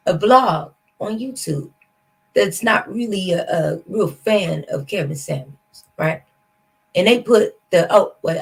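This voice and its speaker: This reaction-stream host has a mid-range voice with vocal fry and a slightly rough quality, captured on a low-quality recording. She chats casually with her viewers, addressing them directly and sounding skeptical as she comments.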